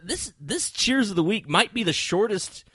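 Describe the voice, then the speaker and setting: A man's voice: high voice, big pitch swings, moderate pace, sharp tone, breathy edge, no room sound. A man co-hosting a podcast, talking in a casual, joking way and laughing often. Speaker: podcast co-host. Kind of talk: casual chat.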